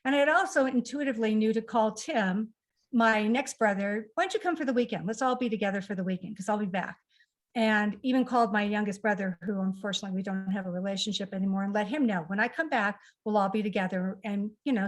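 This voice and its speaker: A middle-aged woman tells a heartfelt family story at a conversational pace, slipping into the lines of the people she quotes. Her voice sits at an ordinary middle pitch and carries a lot of feeling. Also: fast. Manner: emotional, acts out quoted dialogue. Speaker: author guest.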